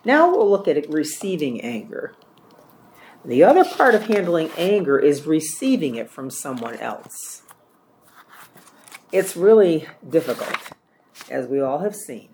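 A man's voice: a little high, darkish tone, slight background noise. A man leading a church care-ministry training class, teaching in a plain-spoken way and often repeating or correcting himself.

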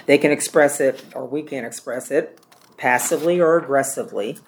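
A man's voice: mid-range voice, a little fast. A man leading a church care-ministry training class, teaching in a plain-spoken way and often repeating or correcting himself.

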